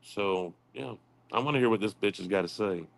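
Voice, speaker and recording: A man's voice: on the low side, fairly quick, creaky. A man commenting on played clips, insulting and swearing with scorn. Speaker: livestream commentator.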